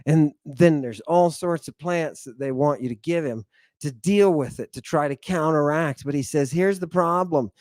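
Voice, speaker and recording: A man lecturing his congregation in a theatrical way, swinging between loud outbursts and low mutters. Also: moderate pace, dry recording. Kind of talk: animated lecture with asides.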